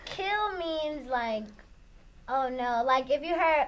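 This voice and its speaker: Young woman co-host, slightly high voice, faint hiss behind, explains slang plainly. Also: expressive, takes it slowly. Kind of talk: casual chat.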